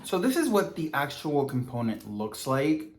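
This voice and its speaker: A man's voice: a little high, sing-song, normal speed, roomy sound, a little hiss or hum. A man co-hosting a vlog, chatting in a campy, sassy way and calling people girl and honey. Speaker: vlogger co-host. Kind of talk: casual chat review.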